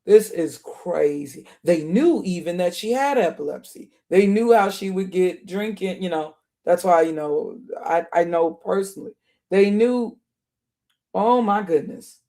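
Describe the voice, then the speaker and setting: A man with a notably high-pitched voice delivers reaction commentary. He talks in heated, repetitive bursts, doubling back on his points with outraged asides. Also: lively intonation, measured pace, dark tone. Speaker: online commentator.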